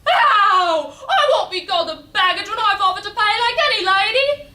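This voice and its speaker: A woman reciting as a brash cockney flower girl, loud and defiant, recorded from a distance in an echoey room. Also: very high-pitched, expressive, moderate pace, voice pushed up, exaggerated voice. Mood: indignant. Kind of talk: recitation in a speech competition.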